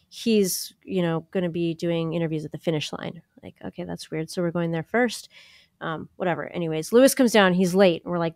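A woman co-hosting a podcast, telling a story in casual chat, animated and full of "like," acting out what people said. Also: fairly low pitch, a little fast, no echo, clean studio sound. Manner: animated, acts out quoted voices, lots of "like" and laughter. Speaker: podcast co-host.

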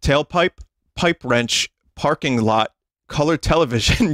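A man streaming to his chat, talking slowly and in an unhurried way, with frequent bursts of laughter as he reads down a list. His voice sounds close and dry, with a mid pitch. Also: fairly bright tone, dry recording. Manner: amused, laughs often while reading a list aloud. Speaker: livestream host.

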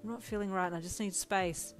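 An exasperated young woman stuck in someone else's body, whining about her situation, as a woman reads her. Her voice stays at an ordinary middle pitch, with a little music playing faintly under it. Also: steady tone, fairly quick, close to an everyday voice. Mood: frustrated. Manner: exasperated, whiny.

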